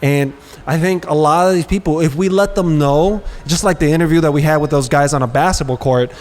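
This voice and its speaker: A brisk, high-leaning male voice carries this casual podcast segment. As co-host, he's a lively storyteller who voices quotes in street slang.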